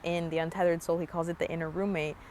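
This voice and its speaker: A woman's voice: fairly low pitch, flat delivery, fast, darkish tone, slight background noise. A young woman musing earnestly outdoors in a park, talking casually about spiritual growth with many fillers. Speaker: spiritual vlogger. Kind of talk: casual reflective monologue.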